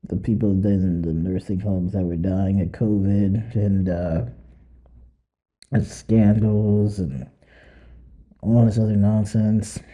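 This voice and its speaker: A man's voice: fairly low pitch, steady tone, slow pace, long pauses, warm tone, dull audio. A young man hosting a podcast alone, rambling in casual, profane commentary that mocks and laughs often. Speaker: podcast host.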